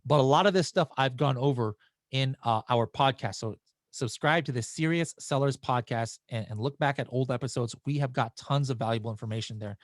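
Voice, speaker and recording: A man hosts a live webinar and works through viewer questions in a loose, chatty manner. His pitch sits in an ordinary middle range. The sound is dry and close, with no room echo. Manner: casual and chatty, with frequent restarts and fillers.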